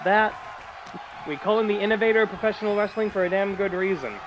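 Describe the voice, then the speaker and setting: Excitable guy calling wrestling play-by-play, high voice, crowd noise behind him. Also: very fast, highs cut off. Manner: excitable, jokey asides. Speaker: wrestling commentator. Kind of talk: play-by-play commentary.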